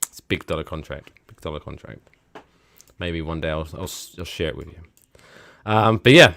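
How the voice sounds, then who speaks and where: A man co-hosting a casual sports podcast, joking and sarcastic, with swearing and quick tangents. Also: extremely low pitch, vocal fry, a bit bright, slight background noise. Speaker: podcast co-host.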